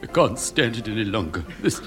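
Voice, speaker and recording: An actor playing an overwrought romantic hero in a comedy sketch, with a theatrical, swooning delivery. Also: male voice, fairly low pitch, sing-song, a little fast, fairly bright tone, faint music behind. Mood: melodramatic. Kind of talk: parody melodrama acting.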